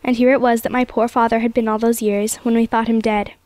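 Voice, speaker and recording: A woman narrating an old storybook aloud in a steady, measured reading. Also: a little high, no echo.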